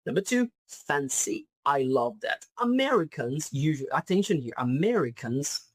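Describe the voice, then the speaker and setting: A man's voice: fairly high pitch, dry recording. A man with a Brazilian Portuguese accent teaching British slang in an online lesson, stressing and repeating each key word. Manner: emphatic, repeats key words. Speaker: English teacher.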